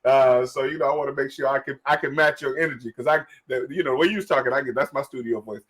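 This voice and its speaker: A man in his forties hosting a casual interview show, excitable, laughing often and repeating his words. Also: mid-range voice, fast. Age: 40s. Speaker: podcast host.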